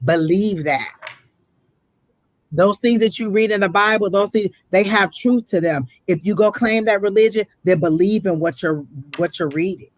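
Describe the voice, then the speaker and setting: An emphatic woman reading for a listener, preachy and heartfelt, calling her honey and sounding on the edge of tears. Her voice sits at an everyday middle pitch, and the recording is close and dry. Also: normal speed, dry recording. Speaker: psychic reader. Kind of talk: live psychic reading with spiritual advice.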